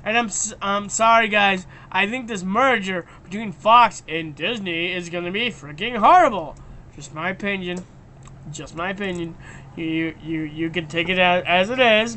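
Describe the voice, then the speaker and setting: A man hosting a live stream and ranting excitably in casual chat, stammering and restarting his sentences. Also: high voice, a little hiss or hum.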